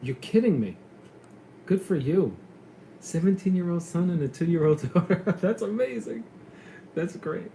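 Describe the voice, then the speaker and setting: A middle-aged former police lieutenant from New York with a New York accent, chatting casually and telling stories in a lively way. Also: male voice, sits high, a little slow, vocal fry, pauses often, slight background noise, poor audio. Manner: chatty storyteller, animated when retelling. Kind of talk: casual chat on a call.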